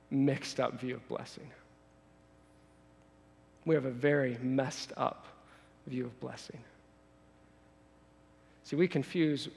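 A man preaching a sermon in a conversational way, often repeating his words and acting out quoted voices. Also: medium pitch. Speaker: pastor. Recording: long hall reverb.

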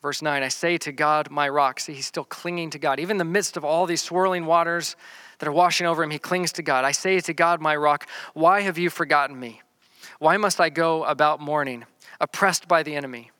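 A man preaching a sermon, reading scripture verses slowly and then explaining them in plain talk, often repeating words as he restarts. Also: on the high side, fairly even intonation, bright, forceful tone, clean tone, no room sound. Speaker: pastor. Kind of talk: sermon teaching through a psalm.

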